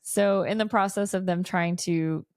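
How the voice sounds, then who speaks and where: A woman's voice: lowish voice, unhurried, smooth, dry recording. Lady podcast cohost gushing over a movie recap, dry close sound. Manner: gushing, animated recapping of plot. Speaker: podcast co-host. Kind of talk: unscripted movie review chat.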